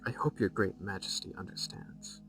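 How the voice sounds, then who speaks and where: A man's voice: sits low, steady tone, normal speed, fairly bright tone, distant mic, faint music behind. A man voicing a scheming, haughty queen mother who speaks breezily and cuttingly. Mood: imperious.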